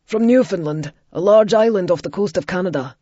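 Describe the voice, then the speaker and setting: Woman reading tough Scottish nobleman, terse, husky, dull lo-fi sound. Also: on the low side, a little fast, dark tone, no echo. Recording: dull lo-fi recording.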